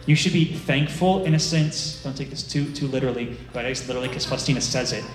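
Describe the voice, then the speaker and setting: A man giving a sermon in a conversational, animated way, often acting out the inner voices of his listeners. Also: mid-range voice, fast, reverberant, faint music behind, low-quality recording. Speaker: director of a ministry, preacher.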